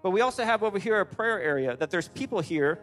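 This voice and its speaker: A male pastor preaching a sermon to a congregation, animated and emphatic, with frequent restarts. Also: high voice, quick pace, faint music behind. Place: large church hall. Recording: long hall reverb.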